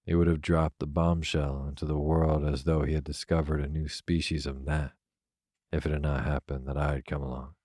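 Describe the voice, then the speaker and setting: A man reading a classic novel aloud as a soft, unhurried bedtime story. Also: a bass voice, no room sound, studio quality. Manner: soft, even, unhurried delivery. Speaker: narrator. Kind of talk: slow, soothing sleep-story reading.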